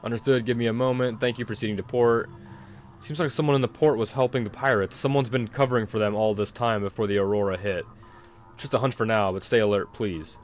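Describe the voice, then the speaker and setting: A man's voice: lowish voice, fairly even intonation, quick pace, a little hiss or hum, lightly acted. A man voicing a commanding male ship captain who reports over the radio in a put-on accent. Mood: serious.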